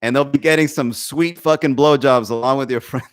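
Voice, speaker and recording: A man's voice: mid-range voice, moderate pace. A man hosting a comedy podcast, chatting casually with his stream, rambling, swearing freely and laughing often. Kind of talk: casual livestream chat.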